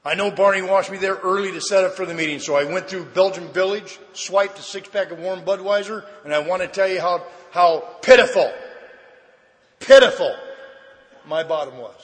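A man with a bright, forceful, fairly high voice gives a personal testimony at a recovery meeting. He tells it lively and plays out each exchange. The sound rings with the long reverb of a large hall. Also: a little fast, few pauses. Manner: lively storyteller who acts out the dialogue. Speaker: speaker sharing his recovery story. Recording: echoey hall.

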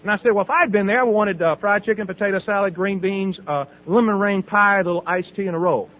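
High-voiced man telling his recovery story. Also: fast talker. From Southern United States. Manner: storytelling, acts out dialogue, laughs often. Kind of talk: personal testimony talk. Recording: tinny phone-like audio.

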